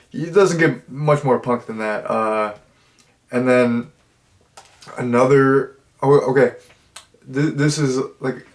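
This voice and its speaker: A man gives a casual spoken movie review in a loose, rambling style, circling back, restarting sentences and piling on fillers. His pitch sits at an ordinary middle range.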